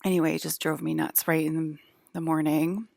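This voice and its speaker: Low gravelly woman ranting casually. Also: flat delivery, normal speed, darkish tone, dry recording, studio quality. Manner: filler-heavy, frequent "like", restarts; exasperated, ranting commentary. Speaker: vlogger. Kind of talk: casual rambling monologue.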